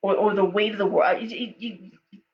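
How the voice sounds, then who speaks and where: Brisk and steady in tone, with a mid-range voice, a middle-aged tarot reader talks through a live reading. She's chatty and anecdotal, saying okay and um often. Her recording has a dull lo-fi quality and a faint hum.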